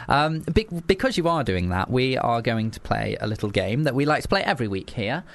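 A man's voice: mid-range voice, big pitch swings, fairly quick, gravelly, no echo. A man hosting a radio show in casual chat, chatty, often stumbling and repeating words.

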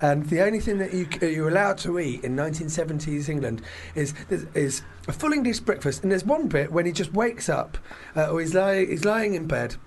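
A man hosting a casual podcast chat, retelling film scenes in a rambling, animated way with lots of fillers. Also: fairly high pitch, a little fast, hardly any pauses, a little hiss or hum. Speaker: podcast host.

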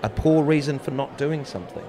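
A man's voice: on the high side, a little fast, a loud crowd. A man with a playful, teasing manner, hosting a casual word game. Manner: playful, teasing, quizzing the others. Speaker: podcast host running a word game. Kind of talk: casual chat.

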